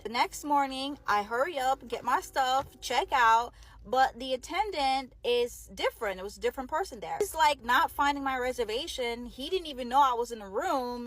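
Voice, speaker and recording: A woman's voice: on the high side, a bit bright. A young woman casually telling a ghost story in a slangy, laughing way.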